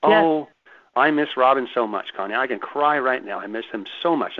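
Over a phone-like radio line, an author being interviewed speaks at normal speed in a medium-pitched voice. He tells animated, emphatic stories and often repeats his words.

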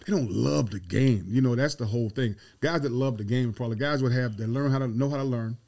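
Middle-aged coach guy telling stories, emphatic, keeps repeating his points, mid-pitched voice. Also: fast, dark tone. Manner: emphatic, repeats key phrases. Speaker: football head coach, guest. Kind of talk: storytelling interview.

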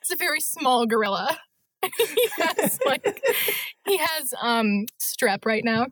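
A giggly woman with a bright, bouncy voice that rises and falls a lot. She chats playfully and laughs often, her sound close and dry with no room around it. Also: sits high, big pitch swings, takes it slowly, no echo. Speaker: guest voice actor. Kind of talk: casual podcast chat, reading quotes in voices.

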